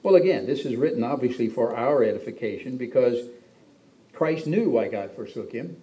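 A man's voice: expressive, normal speed, mellow, low-quality recording. A man preaching a sermon, reading Bible verses aloud and explaining them in his own words, with frequent emphatic rises in his voice. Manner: reads scripture then explains it, with frequent emphatic pitch rises. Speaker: pastor.

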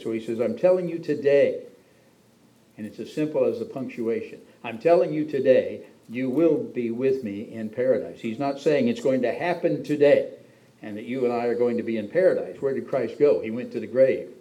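A pastor preaching a sermon reads scripture and then unpacks it, his warm, mellow, mid-pitched voice frequently lifting for emphasis. The audio quality is poor.

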